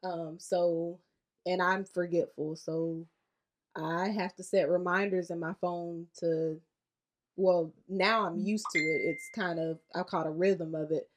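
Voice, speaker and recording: Candid woman with a lowish voice. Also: fairly even intonation, takes it slowly. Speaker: podcast co-host. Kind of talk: casual couple chat.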